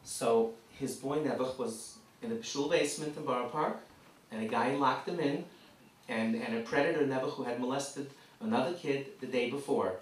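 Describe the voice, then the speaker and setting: Animated man lecturing in an echoey hall. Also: mid-range voice, normal speed. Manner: animated, acts out little scenes. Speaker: seminar speaker. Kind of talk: lively lecture to parents. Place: community hall. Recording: echoey hall, mic from far off.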